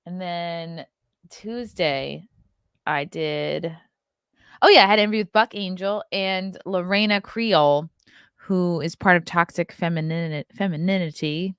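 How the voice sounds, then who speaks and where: A woman's voice: fairly low pitch, a bit bright, clear, resonant tone, no echo, studio quality. Blunt, profane woman chatting on a stream. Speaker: podcast host reading live chat. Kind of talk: casual live-stream chat.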